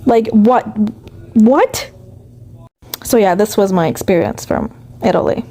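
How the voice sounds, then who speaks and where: A woman from Iran speaks casually to camera with a mid-pitched voice. She tells her story haltingly, stopping and restarting often. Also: dark tone, slight background noise. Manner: halting, many restarts and fillers.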